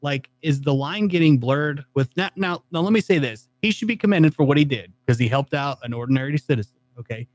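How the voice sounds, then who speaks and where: A man's voice: a little high, animated, brisk, few pauses, no echo. A man co-hosting a podcast, reading entertainment news aloud and questioning it in casual chat. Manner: reads articles aloud, then questions them. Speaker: podcast co-host.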